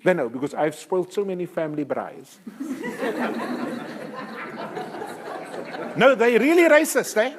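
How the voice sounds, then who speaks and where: An older man with a South African accent, telling stories to parents as a guest speaker, animated and emphatic, laughing often. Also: high voice, slow, pauses often, big-room sound, over a noisy crowd, heavy background noise. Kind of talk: storytelling talk to parents. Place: school hall.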